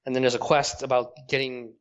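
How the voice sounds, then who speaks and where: A man's voice: medium pitch, level tone, a little fast, clean tone. Blunt man on a dull, lo-fi call line. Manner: blunt, opinionated, swearing. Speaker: podcast co-host. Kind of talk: casual gaming chat over a call.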